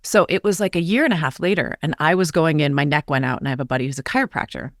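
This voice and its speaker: A woman's voice: sits low, fast talker, no echo, clean studio sound. A woman in her forties, a podcast guest, telling a candid personal story in an earnest, confiding way. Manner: earnest, confiding, animated retelling with quoted voices.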